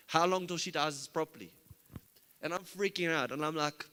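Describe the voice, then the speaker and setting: Preacher in echoing hall. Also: male voice, fairly high pitch, moderate pace, clear, resonant tone. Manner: intense personal storytelling, swinging from loud to hushed. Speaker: pastor. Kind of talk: sermon testimony. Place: large church hall. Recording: long church-hall reverb.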